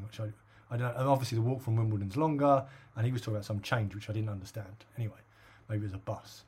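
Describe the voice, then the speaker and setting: Man, middle-aged, from England, husky, rambling, casual chat. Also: on the low side, fairly even intonation, fast, few pauses, darkish tone. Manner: rambling storyteller with many fillers and laughs. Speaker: podcast co-host.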